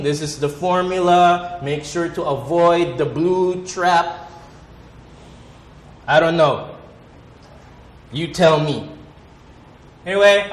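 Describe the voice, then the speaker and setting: A man with a Filipino accent doing a sarcastic, animated stand-up monologue as host, mixing Tagalog into his English. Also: on the high side, echoey room.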